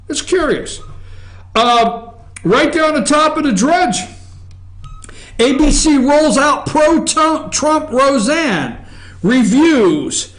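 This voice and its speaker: A man's voice: very high voice, animated, slow, a bit bright. A man hosting an opinionated news talk show from an office, rambling and sarcastic, with asides to his crew. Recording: echoey room.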